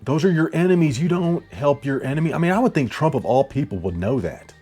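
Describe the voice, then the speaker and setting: A man giving heated political commentary on his channel, yelling, blunt and profane, repeating himself as he rants. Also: a little high, animated, brisk, slightly rough, soft background music.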